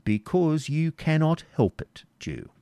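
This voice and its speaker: Storybook villain: a harsh, mocking knight-baron, voiced by a male reader, commanding and forceful, close dry sound. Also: lowish voice, lively intonation, measured pace, dry recording. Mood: stern. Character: cruel, sarcastic medieval male baron.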